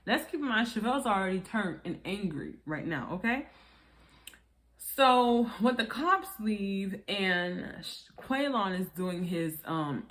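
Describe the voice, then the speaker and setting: Woman vlogger, casual TV review, mid-range voice, playful, jumps into high-pitched quoted voices. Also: a bit bright. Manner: frequent laughter. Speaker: reality TV reviewer. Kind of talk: casual commentary.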